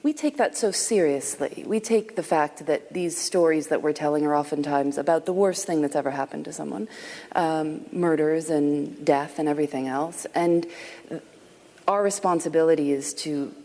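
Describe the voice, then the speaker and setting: A woman's voice: sits low, moderate pace, warm tone, in a large hall. A woman who hosts a podcast, speaking candidly and emphatically on a conference panel. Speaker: podcast host. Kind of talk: panel conversation.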